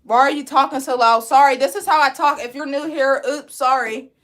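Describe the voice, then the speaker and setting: A woman, teaching a live braiding class in a loud, chatty, encouraging way. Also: sits high, fairly quick. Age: 20s. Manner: chatty, encouraging, reads comments aloud. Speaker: braid instructor.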